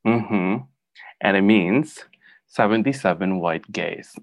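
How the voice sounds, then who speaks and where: A man's voice: fairly low pitch, animated, slow, no room sound, dull audio. A man, casually explaining phrases with frequent giggles. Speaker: guest teaching Filipino phrases. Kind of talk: casual chat.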